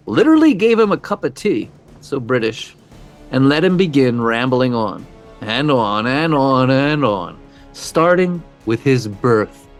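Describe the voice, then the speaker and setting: Wry male true-crime narrator. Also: mid-range voice. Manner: wry, conversational asides. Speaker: podcast co-host.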